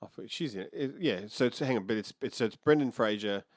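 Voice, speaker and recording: A man's voice: mid-range voice, fast talker, no room sound, studio quality. A man co-hosting a podcast, chatting casually and thinking aloud, restarting sentences as he rambles. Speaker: podcast co-host. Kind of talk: casual chat.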